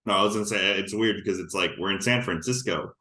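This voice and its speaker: A man's voice: low voice, fast, bright, forceful tone, reverberant. A man chatting casually as a game player, easygoing and a bit hesitant. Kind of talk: casual chat.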